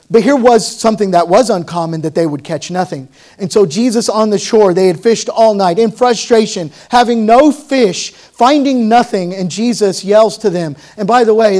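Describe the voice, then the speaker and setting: A male pastor with a notably high-pitched voice delivers a sermon. He swings between loud, pressing emphasis and hushed, lower-toned explanation as he teaches verse by verse. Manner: emphatic preaching with rising and falling intensity.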